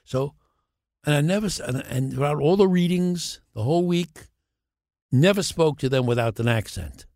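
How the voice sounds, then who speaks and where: An older actor telling animated show-business stories as a podcast guest, acting out the voices of others. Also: male voice, fairly high pitch, moderate pace, dry recording, clean studio sound. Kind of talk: anecdotal storytelling.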